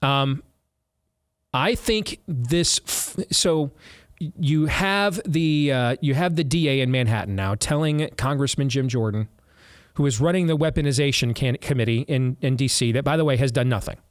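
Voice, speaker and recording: A man's voice: medium pitch, normal speed, no echo, studio quality. A man hosting a political talk show, speaking bluntly and sarcastically, often restarting his sentences.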